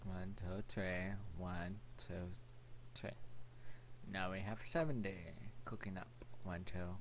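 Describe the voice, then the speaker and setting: A man's voice: deep voice, animated, takes it slowly, a little hiss or hum. A teenage boy hosting his own gaming channel, chatting casually and goofily to himself as he plays. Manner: rambling, goofy, talks to himself while playing. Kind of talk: casual gameplay commentary.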